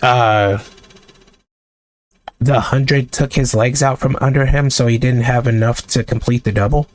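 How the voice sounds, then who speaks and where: A man's voice: medium pitch, steady tone, a little slow, no room sound. A man delivering a heated sports rant to camera, exasperated and sarcastic, with blunt outbursts. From United States. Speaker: sports vlogger.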